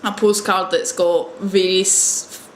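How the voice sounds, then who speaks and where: A woman's voice: medium pitch, little pitch movement, slow pace, slight background noise. A young woman telling a wry story in a casual video diary, hesitating with frequent ums. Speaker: English teaching assistant. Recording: roomy echo.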